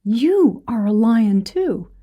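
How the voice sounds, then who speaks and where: A woman's voice: a little high, big pitch swings, takes it slowly, muffled recording, full character voice. Woman doing a firm, insistent adult lion.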